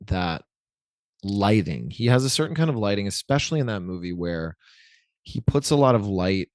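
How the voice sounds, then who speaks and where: Interview guest, man, 40s: loose, meandering chat, low register, dry close mic. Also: expressive, moderate pace, darkish tone, no room sound. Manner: rambling, self-correcting, many likes.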